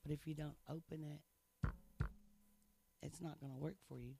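A man's voice: on the high side, steady tone, moderate pace, creaky, mellow, slight background noise. A man sharing his faith testimony in casual chat, earnest and playful, laughing often.

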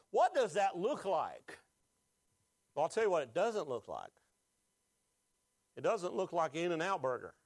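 A man's voice: sits high, sing-song, a little slow, pauses often, no echo. A pastor preaching a sermon, asking the congregation questions and rising with emotion as he is moved.

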